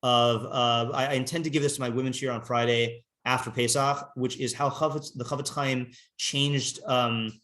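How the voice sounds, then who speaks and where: A man with a medium-pitched, level, fairly bright voice teaches an informal text class. He reads and translates Hebrew passages, hesitating and rambling with lots of fillers.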